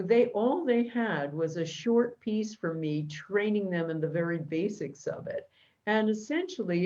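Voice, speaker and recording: A woman host talking in a measured, enthusiastic way over a video call. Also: medium pitch, darkish tone, lo-fi sound. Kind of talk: video interview.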